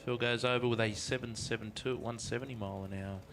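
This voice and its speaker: A man's voice: mid-range voice, fairly even intonation, quick pace. A man commentating live drag races, reading out reaction times and speeds in a laid-back way. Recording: raceway engine noise behind.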